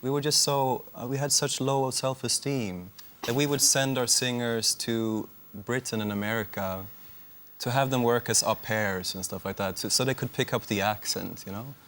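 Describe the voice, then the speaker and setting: A man as a panelist on a comedy quiz, chatting in a relaxed, dry way. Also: mid-range voice, normal speed, a little hiss or hum. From Sweden. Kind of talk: casual chat on a comedy panel.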